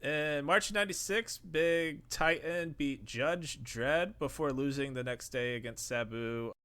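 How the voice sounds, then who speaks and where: Bright-voiced profane podcast host man. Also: a little high, unhurried, smooth. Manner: casual, profane, laughs often. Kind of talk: scripted narration with banter.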